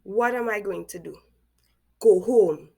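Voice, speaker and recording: A woman's voice: medium pitch, a little slow, vocal fry, mellow, breathy edge. A woman with a Caribbean accent, commenting on a story as a reaction video host, with incredulous rhetorical questions. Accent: Caribbean English.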